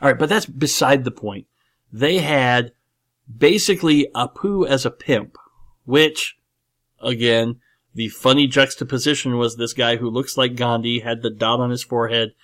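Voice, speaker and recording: A man's voice: medium pitch, fairly even intonation, moderate pace, a bit bright. Man, podcast host, casual film talk, rambling, emphatic, lots of ums. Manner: rambling and emphatic, many fillers and restarts. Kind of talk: casual movie discussion.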